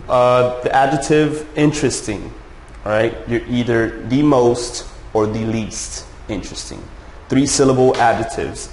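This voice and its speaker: A man teaching an English grammar lesson to a class. He checks in often with "all right?" and "okay?" and slows down to stretch out his example sentences. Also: medium pitch. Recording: echoey room with faint noise.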